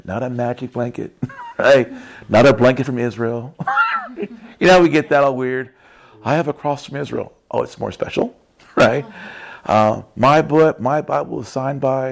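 A man's voice: mid-range voice, gravelly. A man preaching in a casual storytelling way, chatty and laughing often, with frequent tag questions.

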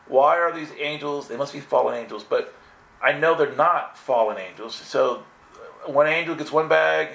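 A man giving an earnest, animated personal spiritual testimony, full of restarts. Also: on the high side, vocal fry. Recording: echoey room.

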